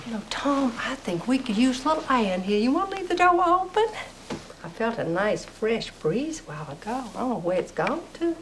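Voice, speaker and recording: A woman's voice: a little high, big pitch swings, a little fast, noisy background. A gushing Southern mother. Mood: chatty. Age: middle-aged.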